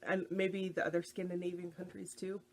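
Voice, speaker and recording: Lower-voiced woman podcast host. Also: level tone, fairly quick, a little mellow. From United States. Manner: chatty and easygoing, with frequent fillers. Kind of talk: casual podcast chat.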